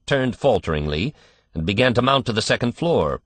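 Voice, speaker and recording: Reading a classic story aloud as an audiobook narrator, a man speaks in a measured, expressive way. His voice is low yet carries a lively, varied melody, captured dry and close with no room sound, as scripted narration.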